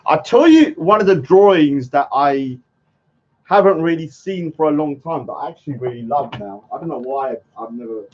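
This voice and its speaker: A man streaming as an artist keeps up casual chat and mutters to himself as he searches for things. He speaks at normal speed in a slightly high, darkish voice with lively intonation. The stream audio is dull and lo-fi, with a little hiss or hum.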